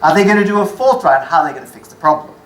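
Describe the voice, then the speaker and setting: A woman's voice: sits low, lively intonation, very fast, reverberant, rough recording. A woman giving a lecture-style presentation from slides, with dry, wry asides, correcting her own figures as she goes.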